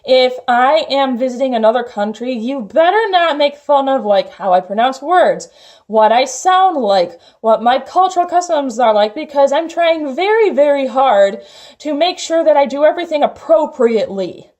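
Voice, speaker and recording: High-voiced young woman telling a story. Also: expressive, normal speed, darkish tone. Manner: chatty, heavy use of "like" fillers. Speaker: vlogger. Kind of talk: casual storytelling vlog.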